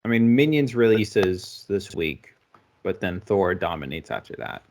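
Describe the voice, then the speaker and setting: Lower-pitched male co-host, chatty and casual with a sarcastic edge. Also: big pitch swings, a little slow, a little mellow. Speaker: podcast co-host. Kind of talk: casual chat. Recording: voice call between two hosts.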